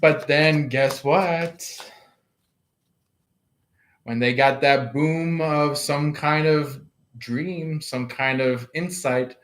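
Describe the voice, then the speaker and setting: A man giving a casual tarot reading, wandering slowly through his thoughts with many fillers and dropping to a soft hush when he voices imagined people. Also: fairly high pitch, steady tone. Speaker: tarot card reader.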